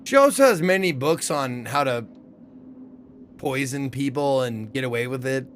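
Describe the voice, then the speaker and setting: A man's voice: medium pitch, animated, normal speed, a little hiss or hum. A man giving casual, joking commentary while playing a game, chatting and laughing often. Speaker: let's play gamer.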